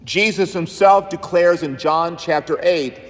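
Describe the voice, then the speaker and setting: A man's voice: fairly high pitch, measured pace. A male pastor preaching a sermon in an emphatic, rhythmic style, leaning on repeated phrases. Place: church. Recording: long church reverb.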